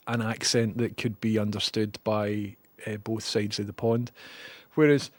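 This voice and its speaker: A man's voice: mid-range voice, no room sound. A man casually commenting on old TV clips, chatty and sarcastic, swearing now and then. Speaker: host reacting to archive TV clips.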